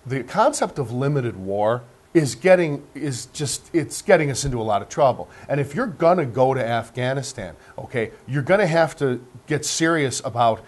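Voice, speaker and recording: A man speaking as a guest on a political panel show, joking at times and forceful when he argues. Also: medium pitch, animated, normal speed. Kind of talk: opinionated panel talk.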